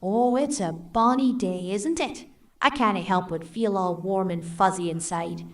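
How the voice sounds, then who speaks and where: A woman's voice: medium pitch, measured pace, recorded from a distance, close to an everyday voice. A woman voicing a giggly, cheerful young Scottish woman for a game character.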